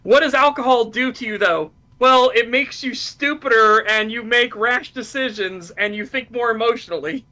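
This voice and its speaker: A man hosting a casual podcast chat, retelling things in an excited, profane way. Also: extremely high pitch, normal speed, hardly any pauses. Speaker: streamer host.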